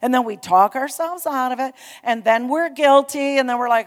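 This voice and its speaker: A woman preaching a sermon, telling a story with animated emphasis and urging her congregation on. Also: high-pitched, normal speed, big-room sound. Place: church sanctuary.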